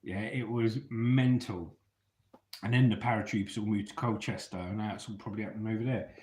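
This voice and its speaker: A man's voice: lowish voice, steady tone, a little fast, darkish tone, reverberant. A man from England, telling stories casually in a chatty, laddish way and swearing freely. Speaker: storyteller host. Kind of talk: casual storytelling.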